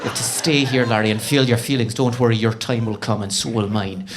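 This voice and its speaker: A man voicing a blunt female therapist in a put-on Northern Irish accent, talking low and insistent. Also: brisk, very noisy, lightly acted.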